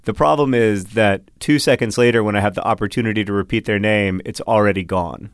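A middle-aged man from the United States with a fairly low voice, chatting casually as a podcast co-host. He rambles and pokes fun at himself, restarting sentences as he goes. The sound is dry and close. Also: brisk, no room sound. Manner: rambling, self-deprecating, lots of restarts. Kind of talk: casual chat.

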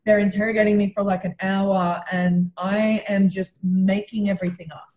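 Speaking at a moderate pace in a medium-pitched, darkish voice with little pitch movement, a comedian guest from Western Australia tells a story in casual chat. The young Australian woman is animated, swears freely, and acts out quotes, with a roomy echo in the recording.

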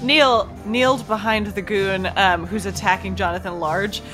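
A woman playing a tabletop game, describing her character's moves in a lively, giggly way. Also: medium pitch, moderate pace, music in the background, low-quality recording. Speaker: player.

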